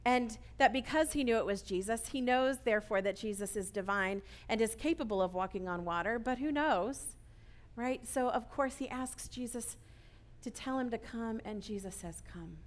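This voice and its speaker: A woman preaching an earnest sermon, often checking in with listeners with a quick "right?". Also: a little high.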